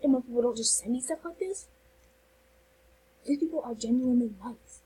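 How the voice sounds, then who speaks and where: A woman with a high, light voice hosts a casual game vlog. She gushes excitably, filling her talk with "like" and "literally," and slips into sudden whispered asides. A faint hum sits under the recording. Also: fairly quick, poor audio. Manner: gushing, excitable, heavy use of "like" and "literally". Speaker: channel host.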